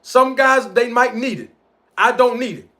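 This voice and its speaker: With an extremely high-pitched voice at a moderate pace, a man on a live stream debates a boxing feud using street slang. He's lively and argumentative, shouting out to those in his live chat.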